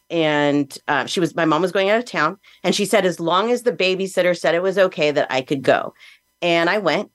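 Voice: medium pitch, fairly bright tone, dry recording. Earnest podcast host, dry close sound. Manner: earnest, plain-spoken, reflective. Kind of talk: candid personal monologue.

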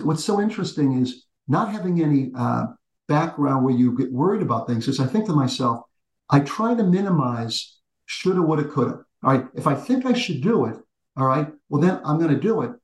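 A man in his sixties, an executive and teacher, telling stories in an animated conversational way with frequent restarts. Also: a little high, echoey room, low-quality recording. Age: 60s. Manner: animated storyteller with frequent restarts, addresses the host by name. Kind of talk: conversational interview storytelling.

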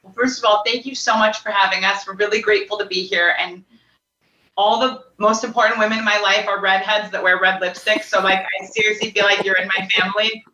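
A woman's voice: mid-range voice, fairly even intonation, fairly quick, bright, forceful tone, a little hiss or hum. A woman guest chatting about her life in a playful, talkative way. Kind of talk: casual storytelling. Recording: distant echoey lo-fi call audio.

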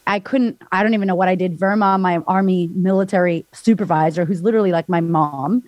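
A woman's voice: on the low side, a little fast, a little mellow, no echo, lo-fi sound. Frank woman telling her story, dry sound. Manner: frank, breathless retelling full of "like", acts out voices. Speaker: podcast guest. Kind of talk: candid personal storytelling.

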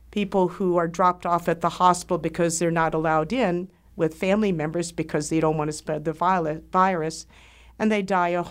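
A middle-aged woman hosts the show in a fairly low voice. She talks slowly and earnestly. Her tone stays heartfelt throughout. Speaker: host. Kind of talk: scripted monologue.

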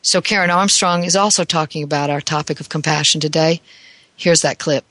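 An earnest host talks through self-compassion with many restarts, stretching key words slowly. The voice sits mid-range and is heard close and dry on a studio mic, with no room around it. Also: mid-range voice, steady tone, bright, forceful tone, no room sound. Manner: earnest, with frequent restarts and slowed emphasis. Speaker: talk show host and counselor. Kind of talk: reflective talk on self-compassion.

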